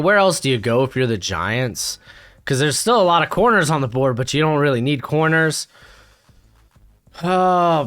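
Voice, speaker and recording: A man hosting a casual solo sports reaction from home, excitable and rambling with many fillers. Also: medium pitch, clear, resonant tone. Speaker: sports commentary host. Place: home, with a dog nearby.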